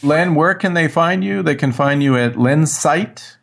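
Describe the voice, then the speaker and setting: A man's voice: fairly high pitch, measured pace, gravelly. A man co-hosting an interview, mostly chiming in with brief agreement and questions. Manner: brief affirming backchannels. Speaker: co-host. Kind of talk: casual interview chat.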